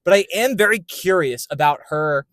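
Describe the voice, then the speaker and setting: Male podcast co-host, high bright voice, very expressive, dry close sound. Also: normal speed, dry recording. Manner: animated storytelling, acts out scenes. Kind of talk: casual chat.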